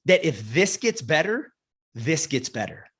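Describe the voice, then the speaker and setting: A man's voice: fairly high pitch, sing-song, a little slow, a bit bright, husky. A man giving a blunt, profane motivational talk as a podcast guest. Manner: blunt, intense, swears often.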